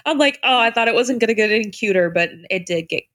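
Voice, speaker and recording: A woman co-hosting a casual book discussion podcast, animated and acting out characters' lines. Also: medium pitch, quick pace. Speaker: podcast co-host.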